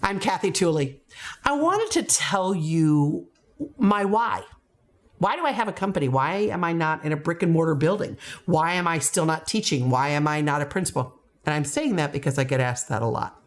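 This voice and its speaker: A woman's voice: sits low, animated, normal speed. A middle-aged American woman, a former principal, telling a personal story to camera in an earnest, emphatic way. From United States. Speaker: education company founder, former principal.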